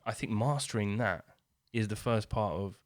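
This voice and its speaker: A man's voice: on the low side, moderate pace, no room sound, clean studio sound. A man, co-hosting a podcast, talking through ideas in a reflective way with many restarts. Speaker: podcast co-host. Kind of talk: casual discussion.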